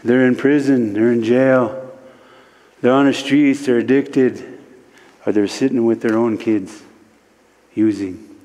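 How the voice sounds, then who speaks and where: A man from Standing Rock, a guest speaker at a church service, telling a spiritual story slowly, with many repeated "he said" lines. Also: medium pitch, steady tone, mellow, big-room sound. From Standing Rock, United States. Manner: slow and repetitive, retelling speech with many "he said".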